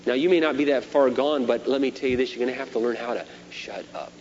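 A middle-aged pastor preaches with lively swings, punching some words loud and dropping others to near a murmur. The recording is a dull, lo-fi sermon tape with a faint hum underneath. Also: male voice, medium pitch, fast talker. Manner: animated preaching, shifts between loud emphasis and quiet asides.

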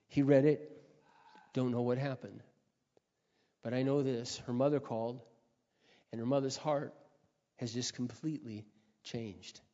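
A middle-aged man delivers a sermon through earnest personal stories, pausing often to clear his throat. His voice sits at an ordinary pitch and carries a long reverb from a large hall. The recording is muffled and lo-fi. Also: fairly even intonation, mellow. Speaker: preacher. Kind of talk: sermon storytelling.

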